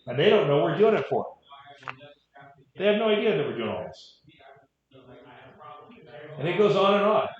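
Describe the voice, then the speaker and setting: A man's voice: high-pitched, big pitch swings, normal speed, long pauses. Real estate trainer, male, wry and conversational, echoey room, dull audio. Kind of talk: training talk with stories.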